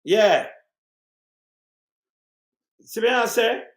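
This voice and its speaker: Furious high-voiced Jamaican man ranting. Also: animated, drawn-out words, echoey room. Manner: heated, repetitive, cursing, swings to shouting. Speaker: channel host commenting on murder statistics. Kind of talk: angry political rant over charts.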